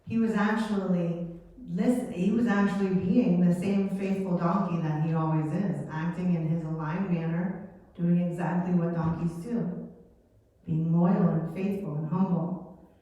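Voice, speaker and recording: A woman teaching a children's Sunday lesson, telling a Bible story in a chatty, animated way. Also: fairly low pitch, unhurried. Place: church hall. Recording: echoey hall from far off.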